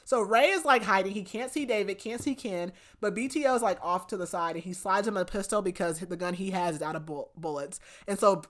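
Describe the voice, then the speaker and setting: A young adult woman hosting a podcast, casually retelling a book's plot in an animated way, often saying "like". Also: medium pitch, fairly quick, few pauses. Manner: animated storytelling, frequent "like", laughs. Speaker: podcast host. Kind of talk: casual book recap.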